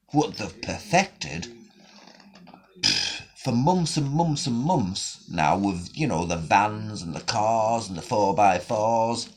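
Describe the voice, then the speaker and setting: A man delivering a profane, sarcastic rant on his own video channel. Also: medium pitch. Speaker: vlogger. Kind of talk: angry ranting vlog.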